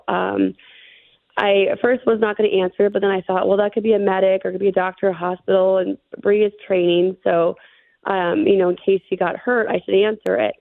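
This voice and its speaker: Middle-aged female guest telling her story earnestly; slight fry, dry phone-line audio. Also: mid-range voice, dry recording. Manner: earnest, rushed storytelling with fillers. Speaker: interview guest. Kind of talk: recounting a personal ordeal.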